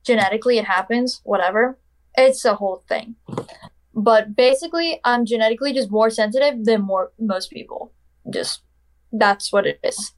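Recounting something that happened to her, this young woman chats casually, leans on "like" and "literally", and performs the quoted dialogue. She talks at a moderate pace with a fairly high voice.

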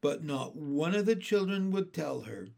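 Lively man narrating a children's book. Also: fairly high pitch, measured pace, gravelly.

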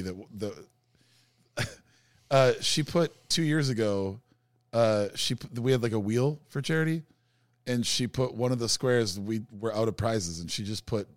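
A man's voice: medium pitch, no room sound, clean studio sound. A man co-hosting a casual podcast chat, talking with enthusiasm. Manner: enthusiastic, excited.

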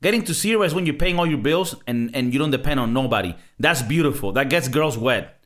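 A man's voice: medium pitch, lively intonation, a little fast, fairly bright tone. A man hosting a podcast in casual chat, profane and rambling. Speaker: podcast host.

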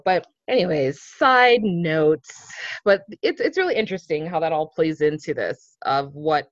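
A man's voice: on the high side, animated, unhurried, a bit bright, no room sound. Laughing man podcast co-host, lo-fi. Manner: chatty, laughs often, swears casually. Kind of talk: casual conversational podcast. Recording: dull, slightly lo-fi, dry.

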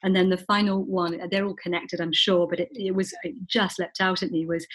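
A woman's voice: on the low side, fairly even intonation, brisk, few pauses, fairly bright tone, slightly rough. A woman hosting a talk show, effusive and gushing as she introduces her guest and asks about her book. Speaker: show host.

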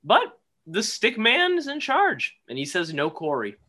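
A man co-hosting a recap podcast, dropping dry one-liners. His voice is bright and sharp-edged and sits a little high for a man. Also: wildly swooping pitch, measured pace. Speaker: podcast co-host. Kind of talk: casual recap chat.

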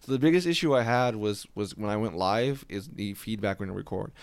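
A man's voice: lowish voice, fairly quick, clean tone, dry recording. A man hosting a podcast, talking in a casual, profane and rambling way. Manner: profane, laid-back, rambling. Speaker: podcast host. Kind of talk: casual chat. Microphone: podcast mic.

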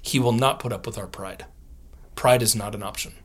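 A man, a theologian and author, answering podcast interview questions with lively storytelling, often laughing and acting out what others said. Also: fairly low pitch, normal speed. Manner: animated, laughs often, acts out quotes.

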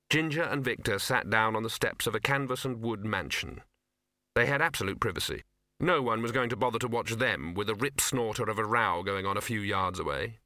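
A man reading a comic novel as an audiobook, in a measured, dry manner. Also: mid-range voice, expressive, sharp tone, no room sound. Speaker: audiobook narrator.

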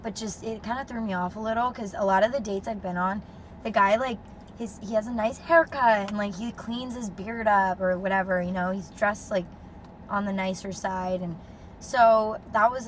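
A young woman telling a dating story as a podcast co-host, animated and swearing freely, with lots of "like". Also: medium pitch, slight background noise. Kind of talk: casual storytelling chat.

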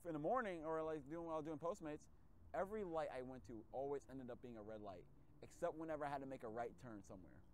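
A man hosting a casual podcast chat, telling a story with lively acted-out reactions and frequent swearing. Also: on the high side, quick pace, a little hiss or hum. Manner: animated storytelling, acts out his own reactions, swears freely. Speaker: podcast host.

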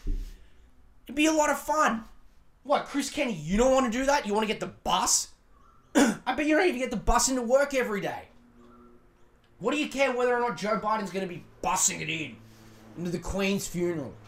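A man's voice: sits high, lively intonation, moderate pace, pauses often, a bit bright. Man, Australian accent, podcast host, crude sarcastic rant, constant swearing. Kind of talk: profane ranting commentary.

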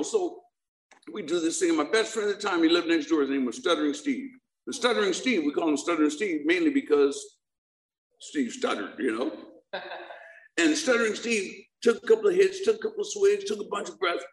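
A middle-aged man telling a humorous personal recovery story to a live audience, joking and asking them questions. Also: a little high. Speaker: speaker sharing his recovery story. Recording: echoey room.

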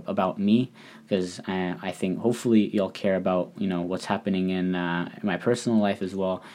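Low-voiced man, a little hoarse. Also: mellow. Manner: rambling, hesitant, many fillers and restarts. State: recovering from a cold, slightly hoarse. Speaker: podcast host. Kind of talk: casual solo podcast talk. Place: living in Japan.

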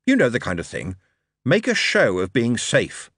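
A man's voice: medium pitch, wildly swooping pitch, normal speed, fairly bright tone, slightly rough, no room sound, clean studio sound, exaggerated voice. A man voicing a glib, charming male showman who talks in a persuasive, theatrical, emphatic way. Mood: earnest.

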